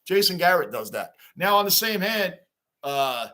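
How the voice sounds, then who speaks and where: A man's voice: high voice, big pitch swings, moderate pace, sharp tone. A man hosting a sports livestream, chatting casually and animatedly with viewers by name. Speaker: livestream host.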